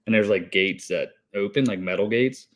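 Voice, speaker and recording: A man in his thirties with a lowish voice speaks at a moderate pace as he co-hosts a podcast, where he works as an HVAC technician. In casual chat, he tells a rambling story in a hyper, breathless way, swearing a lot.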